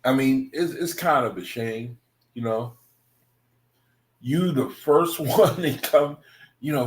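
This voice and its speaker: A man reads scripture aloud and talks it over in a loose, conversational way, often chuckling and tossing in "man" and "you know." His voice sits at an ordinary middle pitch. The recording has a noticeably echoey room sound. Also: expressive, slow pace, long pauses. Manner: laid-back, laughs often, says "man" and "you know". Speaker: religious study group reader. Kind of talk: casual scripture reading with commentary.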